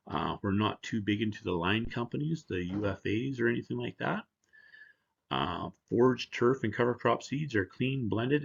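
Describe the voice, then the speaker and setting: A man's voice: on the low side, gravelly, highs cut off. A man presenting at a seminar as a seed company representative, talking in a conversational, joking way. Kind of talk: conference presentation.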